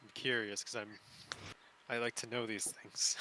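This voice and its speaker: A man's voice: medium pitch, level tone, normal speed, bright, forceful tone. A man playing a tabletop game, curious and playful, laughing often. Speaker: player. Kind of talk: casual tabletop play.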